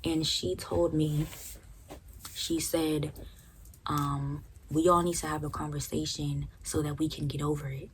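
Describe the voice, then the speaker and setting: A woman's voice: low voice, level tone, measured pace, slight background noise. A young woman casually telling a personal story, frank and profane, often checking in with "right?". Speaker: storytime vlogger.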